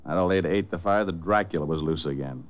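A man's voice: sits low, fast, natural voice. An actor playing a wisecracking male private detective, who also narrates, in 1940s radio acting. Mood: wry. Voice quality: wry, wisecracking. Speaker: narrator and lead. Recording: dull old 1940s radio recording.

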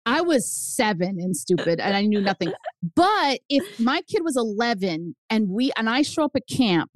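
A woman guest author chatting on a podcast, animated and telling stories while acting out quoted lines. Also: a little high, normal speed, no room sound. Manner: animated storyteller, acts out quotes. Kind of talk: casual podcast chat.

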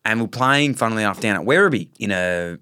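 A man's voice: lowish voice, animated, fast, sharp tone, clean tone. An Australian man co-hosting a casual podcast chat, easygoing and rambling through anecdotes. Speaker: podcast co-host.

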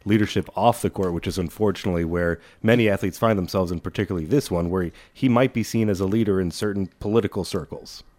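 A younger man co-hosting a talk radio show, answering in a measured, analytical way with dry asides. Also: low-pitched, darkish tone. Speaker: radio co-host. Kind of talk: casual talk radio banter.

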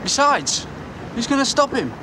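A man's voice: extremely high pitch, very animated, normal speed. An actor playing an urgent man who presses an old ally to come back and fight, talking insistently in a parody film scene, with boat and water noise behind. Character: urgent man pleading for a political comeback.

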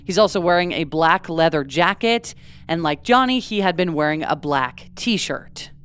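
A woman's voice: on the low side, expressive, moderate pace, a bit bright, smooth. A woman co-hosting a true crime podcast, recounting events in a casual, conversational way with many fillers. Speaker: podcast co-host.

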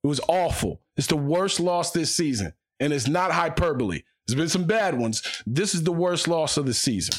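A man's voice: on the high side, lively intonation, moderate pace, few pauses. Fired-up male sports podcast host. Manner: fired-up, emphatic, repeats phrases for punch. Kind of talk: solo podcast commentary.

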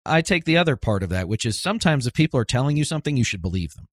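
A man's voice: mid-range voice, big pitch swings, very fast, dry recording, clean studio sound. A man hosting a political podcast panel, steering the conversation with questions to his guests. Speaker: podcast host. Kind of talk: casual panel discussion.

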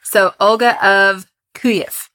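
A woman's voice: medium pitch, fairly even intonation, takes it slowly, bright, forceful tone. Chatty woman podcast host telling a story. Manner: chatty, laughs often, self-deprecating about pronunciation. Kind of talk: casual chat, storytelling.

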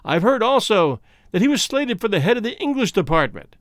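A man voicing an unhurried, gently ironic man with a quiet menace in an audiobook story. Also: high voice, sing-song, no room sound, clean studio sound, voice pushed up. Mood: calm.

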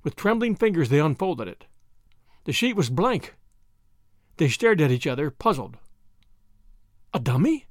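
A male audiobook narrator telling the story in a measured way, his fairly high voice moving with lively rises and falls. The sound is close and dry, with no trace of the room. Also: dry recording. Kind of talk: scripted narration.

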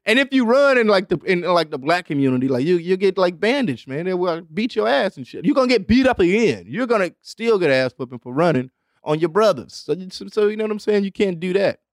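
Podcast host guy, high voice that jumps all over, casual comedic riffing, dry close mic. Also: brisk, no echo. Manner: animated, laughs often, slips into exaggerated voices for quotes.

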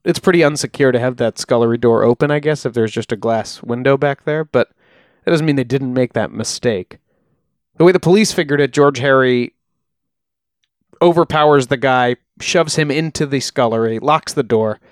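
A man co-hosting a podcast, recounting a true-crime case in a relaxed, chatty way with frequent ums. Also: medium pitch, normal speed, no room sound, clean studio sound. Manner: relaxed, uses fillers like uh and um. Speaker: podcast co-host. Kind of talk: casual true-crime storytelling.

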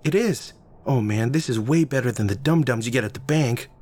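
A man voicing a cheerful, teasing young woman with a high, bright voice. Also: brisk, breathy edge, lightly acted. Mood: bubbly.

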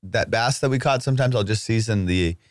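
A man's voice: lowish voice, brisk, no echo, clean studio sound. A man co-hosting a casual chat, laid-back and stammering a little, who often says "dude". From Iran.

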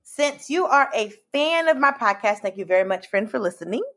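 A woman's voice: fairly high pitch, lively intonation, a little fast, a bit bright. A woman comedian chatting as a guest, playful and acting out her reactions as she talks. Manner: playful, acts out her reactions with lots of "like" and "girl". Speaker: comedian and podcast host, guest. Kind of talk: animated casual conversation.

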